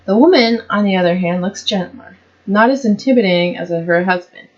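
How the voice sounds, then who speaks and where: A woman narrates a story aloud in a plain reading voice, correcting her slips as she goes. Her pitch is mid-range. The recording is slightly muffled. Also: brisk. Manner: casual, self-correcting asides.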